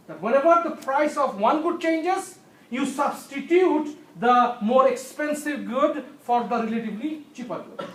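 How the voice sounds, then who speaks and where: Here's a very high-pitched male voice, captured far from the mic in an echoey room through a tablet screencast. In his recorded economics class, he goes over the main points again, makes sure students are keeping up, and coughs now and then.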